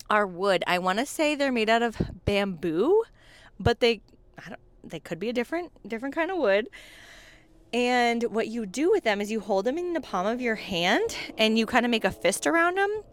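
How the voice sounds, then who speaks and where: A pregnant woman in her thirties hosting a casual solo podcast, chatty, saying "like" often and laughing between phrases. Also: on the high side. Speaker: podcast host.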